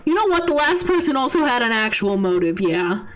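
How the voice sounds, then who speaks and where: A woman's voice: high voice, moderate pace, few pauses, a bit bright, soft background music. A young woman streaming a game, chatting casually and teasing her chat, often exasperated and laughing.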